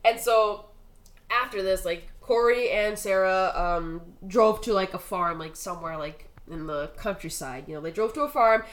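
A woman's voice: medium pitch, normal speed, rough recording. A young woman casually retelling a true crime story, rambling with lots of "like," swearing freely and acting out what people said. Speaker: podcast co-host telling a true crime story.

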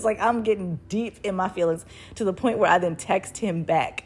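A young woman vlogger telling a personal story in a casual, animated way, laughing often and swearing freely. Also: mid-range voice, moderate pace, hardly any pauses, slightly rough.

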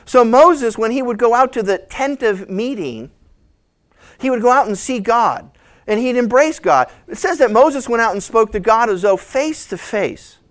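Male pastor, sermon, conversational, animated, storytelling. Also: extremely high pitch, moderate pace. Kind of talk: sermon, Bible teaching.

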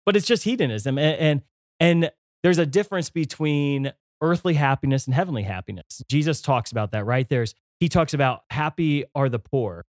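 A young man co-hosting a faith podcast in a studio, telling stories in an animated way with many fillers and restarts. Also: a little high, fairly quick, no echo. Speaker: podcast co-host.

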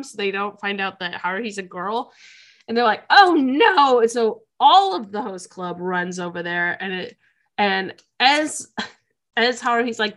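A woman, co-hosting a podcast and telling an anime plot with lively acted-out quotes and frequent laughter. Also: mid-range voice. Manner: animated storytelling, laughs often, acts out quotes. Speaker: podcast co-host. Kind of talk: casual chat recapping an anime.

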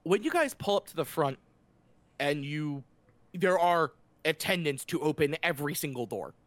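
A man game master narrating a tabletop game in a casual, halting way. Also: a little high, expressive, no echo.

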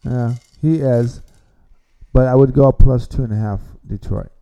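A man's voice: mid-range voice, measured pace, creaky, mellow. A man hosting a casual sports podcast, opinionated, often repeating himself and restarting phrases. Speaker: podcast host.

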